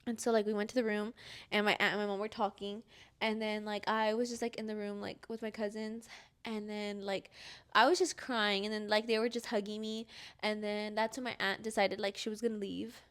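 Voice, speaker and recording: A woman's voice: mid-range voice, flat delivery, fairly quick, a bit bright, clean tone. A young woman co-hosting a podcast, telling a personal story casually and full of "like", acting out the dialogue. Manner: rambling, heavy use of "like", acts out quoted dialogue. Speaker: podcast co-host.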